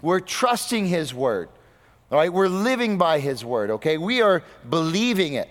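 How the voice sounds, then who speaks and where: A man's voice: a little high, sing-song, normal speed. Preaching man in a reverberant hall. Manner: dynamic preaching, rhetorical questions, swings between loud and soft. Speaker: pastor. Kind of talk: sermon.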